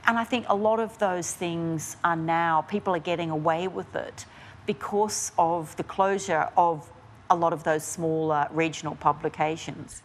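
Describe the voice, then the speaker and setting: A woman's voice: on the low side, normal speed, a little hiss or hum. A woman, a journalist answering interview questions frankly and animatedly. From Australia. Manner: frank and animated, with frequent restarts and fillers. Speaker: investigative journalist, guest. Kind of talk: candid conversational interview answers.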